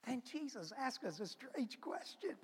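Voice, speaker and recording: A man voicing the hot-tempered fisherman apostle Peter in a dramatic first-person sermon monologue, swinging between loud outbursts and hushed whispers. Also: very high-pitched, sing-song, unhurried, husky, in a large hall, voice pushed up, heavily acted. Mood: hushed awe.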